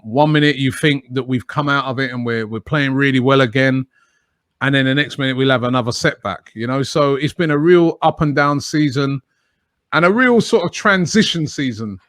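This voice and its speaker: A man's voice: mid-range voice, fairly bright tone, dry recording, clean studio sound. A man answering podcast interview questions as a guest, talking in a chatty, emphatic way with frequent "you know". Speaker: guest, fan channel presenter.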